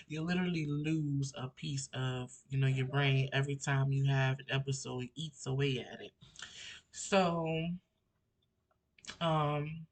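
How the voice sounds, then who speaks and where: A man's voice: medium pitch, fairly bright tone. Young man rambling through a story. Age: 20s. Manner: rambling, emotional retelling full of fillers and restarts. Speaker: vlogger. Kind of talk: personal story-time vlog. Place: at home.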